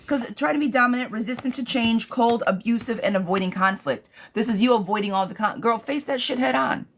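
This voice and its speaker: A woman's voice: fairly high pitch, fairly quick. Blunt, profane woman giving tarot advice. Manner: blunt, profane, animated advice with frequent "girl". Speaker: tarot reader. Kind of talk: live-streamed tarot reading.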